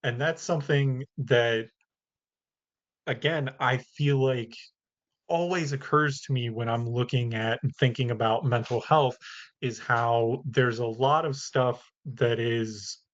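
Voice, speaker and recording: A man's voice: medium pitch, steady tone, slow. Rambling man host, muffled podcast audio. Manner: rambling, thoughtful, laughs lightly. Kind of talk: casual podcast conversation. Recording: slightly dull lo-fi.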